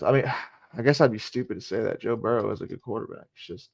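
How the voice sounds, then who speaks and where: A man's voice: lowish voice, fast talker, vocal fry, husky. A man casually talking through a live sports stream, repeating himself and muttering asides. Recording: dull lo-fi stream audio.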